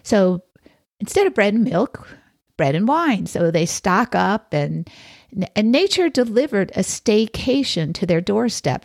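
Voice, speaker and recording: A woman's voice: fairly low pitch, creaky, darkish tone, dry recording, studio quality. A woman hosting a podcast, telling a story casually with wry, chatty asides to her listeners. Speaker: podcast host.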